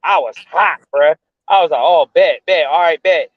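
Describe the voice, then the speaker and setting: High-voiced guy rattling off a story fast, slangy and swearing, dry dull lo-fi sound. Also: no room sound. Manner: animated, slangy, swears freely. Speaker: podcast co-host. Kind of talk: casual storytelling chat.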